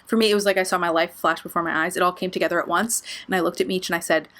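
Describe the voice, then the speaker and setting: Casting: young woman, lowish voice, chatty storytime vlogger, sweary and full of filler words. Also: fairly even intonation, racing, a bit bright. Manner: casual, profane, heavy filler words. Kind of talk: storytime vlog.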